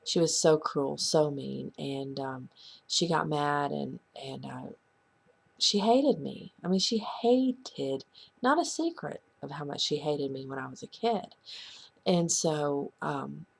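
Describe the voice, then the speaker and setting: Low, gravelly woman telling a painful story. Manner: earnest, halting, confessional storytelling. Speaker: person sharing a personal story. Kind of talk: heartfelt personal testimony.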